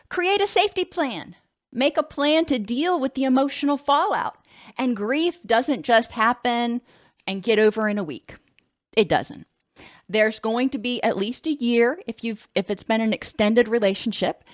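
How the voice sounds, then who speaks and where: A woman's voice: on the high side, dry recording, clean studio sound. A woman counselor giving a conversational lecture, sometimes stopping to correct herself. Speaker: licensed counselor.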